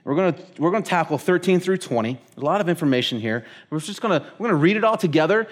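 A man's voice: fairly high pitch, expressive, quick pace. A man preaching a sermon, telling a story casually with plenty of fillers like "like" and "you know". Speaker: pastor.

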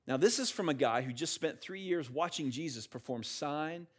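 A man preaching a sermon in a conversational, animated way, asking the listeners questions and acting out the words of biblical figures. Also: on the high side, moderate pace. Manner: acts out quotes of biblical figures. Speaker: pastor.

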